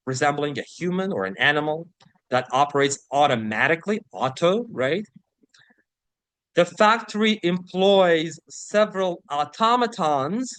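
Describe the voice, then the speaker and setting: In an online English vocabulary lesson, a male teacher with a slightly higher-than-average, fairly bright, clean voice explains each word and slows to read example sentences and passages carefully. He keeps asking "right?" to check on listeners, and the sound is dry and close with no room sound.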